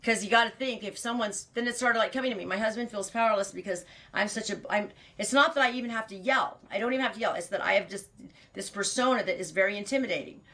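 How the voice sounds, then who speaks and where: A woman's voice: medium pitch, fast, a bit bright. A woman in her fifties hosting her own show, telling a personal story in a blunt, rambling way full of fillers and restarts, with frequent laughs. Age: 50s. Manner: laughs often. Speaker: host.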